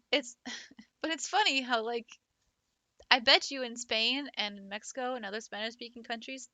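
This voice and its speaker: A woman's voice: fairly high pitch, sharp tone, no room sound. A woman who teaches French, chatting casually on a livestream, giggling often and swearing offhandedly. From United States.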